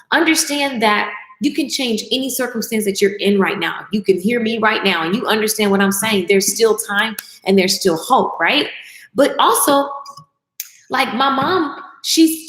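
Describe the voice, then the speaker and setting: A woman's voice: medium pitch, a bit bright. Emotional woman ranting live in an echoey room. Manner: emotional, heartfelt, rambling with many fillers. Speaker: vlogger speaking live to followers. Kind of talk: casual live-stream rant.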